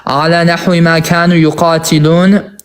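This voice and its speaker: Man translating an Arabic text in halting bursts. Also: a little high, little pitch movement. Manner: halting line-by-line translation with many restarts. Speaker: debater. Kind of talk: online debate, reading and translating a classical Arabic text.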